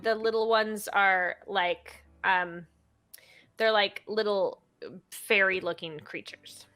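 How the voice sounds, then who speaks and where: A young woman narrating as game master of a tabletop game, relaxed and hesitant, with many fillers. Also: medium pitch, takes it slowly.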